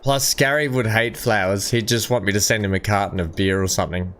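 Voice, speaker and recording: A man's voice: lowish voice, steady tone, fairly quick, a bit bright, slight background noise. A middle-aged man giving casual, rambling commentary while playing a farming game, chatting with viewers and laughing at his own jokes. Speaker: gameplay streamer.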